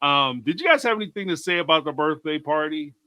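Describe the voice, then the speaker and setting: A man's voice: on the high side, animated, quick pace, bright, forceful tone, dry recording. A man from Atlanta, hosting a casual chat and reading viewer comments. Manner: chatty, laughs often, reads viewer comments aloud. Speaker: host.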